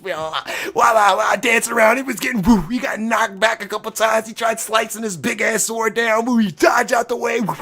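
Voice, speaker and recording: A man hosting his own video, talking in an excited, profane rant and often shouting and laughing. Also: very high voice, vocal fry. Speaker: video host.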